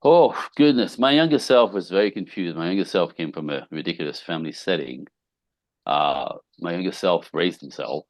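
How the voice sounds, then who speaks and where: Animated low-voiced male relationship coach. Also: normal speed, no room sound. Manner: animated storyteller who acts out quotes, casual swearing. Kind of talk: podcast interview guest.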